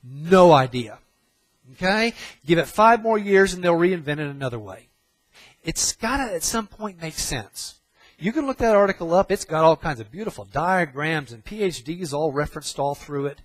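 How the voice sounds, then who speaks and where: A middle-aged man delivers a sermon in an emphatic way, hammering points home by repeating them. His voice sits a little high for a man. The sound is dry and close, with no room echo. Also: animated, moderate pace, a bit bright. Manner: emphatic, repeats phrases for stress. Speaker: preacher.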